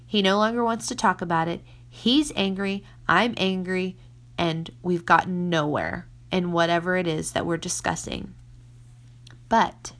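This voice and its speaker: A woman, a mother of six, giving casual faith-based advice in an earnest way, sometimes dropping to a soft whisper for emphasis. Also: lowish voice. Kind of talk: casual Christian teaching talk.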